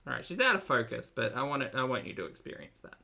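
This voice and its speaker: A woman's voice: extremely low pitch, sing-song, fast, gravelly, sharp tone. A woman streamer reacting live to a video, with dry, sarcastic asides to her chat.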